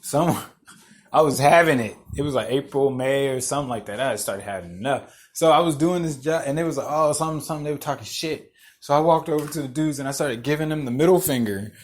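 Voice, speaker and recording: A man's voice: mid-range voice, quick pace. Profane young man telling stories. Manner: profane, blunt, laughs through stories. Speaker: podcast host. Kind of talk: casual storytelling monologue.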